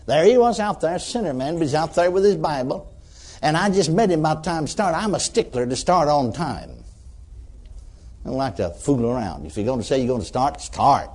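A man preaching a sermon to a congregation, telling a story in a folksy, animated way. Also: fairly high pitch, normal speed.

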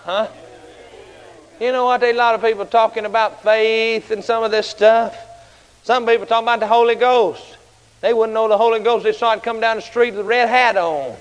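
Fiery high-voiced preacher in a big hall. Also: male voice, fairly even intonation, fairly quick. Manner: fiery, shouting, colloquial storytelling. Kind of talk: sermon. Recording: large hall with long reverb.

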